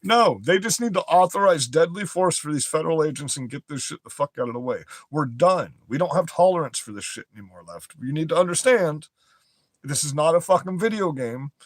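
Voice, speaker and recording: A man's voice: a little high, lively intonation, brisk, dry recording. A young man reading news headlines aloud and breaking into profane, aggressive, mocking rants as a commentary host.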